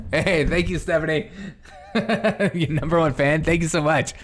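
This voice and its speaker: Man, sarcastic livestream commentary, laughing asides, thinking out loud. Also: on the high side, a little slow. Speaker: political commentary host reacting to clips.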